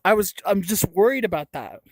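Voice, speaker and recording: A woman's voice: mid-range voice, sing-song, a little fast, no echo. A young woman hosting a casual livestream, reading chat aloud with a giggly, stammering, jokey way of talking. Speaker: livestream host.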